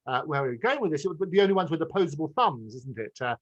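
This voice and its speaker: A man's voice: on the high side, very animated, fast, highs cut off. Chatty male talk show host. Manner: chatty, jokey interviewer who prompts the guest. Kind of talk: interview conversation.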